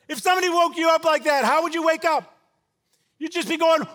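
Guy preaching, kinda high voice, gets loud then goes real soft and hushed. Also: a little fast. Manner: dramatic preaching, shouting out quoted lines, then dropping low and quiet. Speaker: pastor. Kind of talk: sermon.

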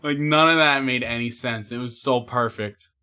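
Bright-voiced laid-back male host. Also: mid-range voice, moderate pace, clean tone. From New York. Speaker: podcast host. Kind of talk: casual chat.

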